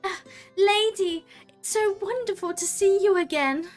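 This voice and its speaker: Formal manservant, played by a woman: lowered, polite, unhurried. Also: faint music behind. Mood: courteous. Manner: polite, measured. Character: formal, courteous male servant.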